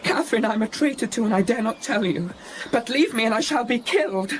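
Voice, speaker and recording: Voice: mid-range voice, expressive, a little fast, slight background noise, close to an everyday voice. A performer playing a sickly, timid young man in a radio drama, stammering and pleading in fear. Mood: fearful.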